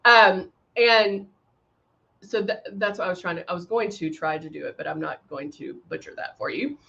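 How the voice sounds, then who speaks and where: Woman, makeup livestream host, chatty, bright tense voice, dull lo-fi sound. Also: lowish voice, moderate pace, vocal fry. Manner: chatty, greets viewers by name, frequent ums. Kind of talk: casual live tutorial chat.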